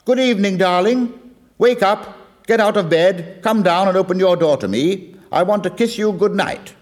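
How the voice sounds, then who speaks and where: A rough young farmer bellows up to his sweetheart's window, slurring a little and blustering, as a man puts him on while telling the story. The voice jumps up high and loud for the shouting. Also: normal speed, lightly acted. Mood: bellowing. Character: rough young male farmer calling up, tipsy.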